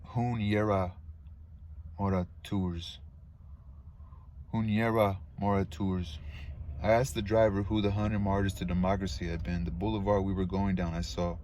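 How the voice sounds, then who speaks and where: Guy reading a book out loud, deep flat voice, trips on words now and then. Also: a little hiss or hum. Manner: unpolished reading with stumbles and asides. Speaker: reader of a novel aloud. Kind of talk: casual read-aloud of a novel.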